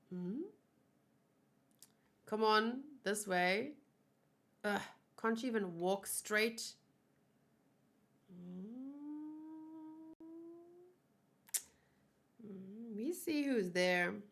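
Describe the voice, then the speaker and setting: A woman with a slightly high voice reads along through manga pages at an unhurried pace. She muses and chats about what is happening as she goes, and voices the characters' lines lightly. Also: lively intonation, fairly bright tone. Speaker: manga read-along host. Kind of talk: casual manga read-along with commentary.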